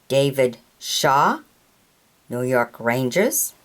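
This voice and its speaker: A woman with a low voice reads through her collection of trading cards one at a time, naming each player and team at a very slow, unhurried pace. Her pitch swings widely as she goes. She sounds out tricky names haltingly and sometimes stumbles over them. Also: very animated. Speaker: hockey card collector.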